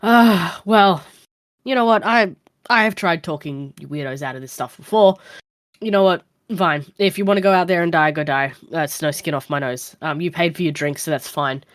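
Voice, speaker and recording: A woman's voice: fairly low pitch, moderate pace, natural voice. A woman voicing a scornful older male bartender who scolds and warns strangers in a tabletop game. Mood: exasperated. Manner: scolding, exasperated, sarcastic.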